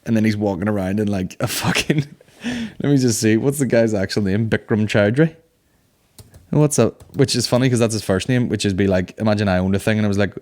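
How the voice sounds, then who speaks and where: A man in his thirties hosting a comedy podcast, talking in a loose, rambling monologue. His voice sits on the lower side, and he swears constantly and laughs at his own jokes. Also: a little mellow. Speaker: podcast host.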